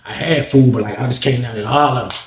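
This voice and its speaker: A man telling a casual story in animated slang, acting out the voices. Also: mid-range voice, fast, slight background noise. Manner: animated, slangy, acts out every voice. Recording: roomy echo.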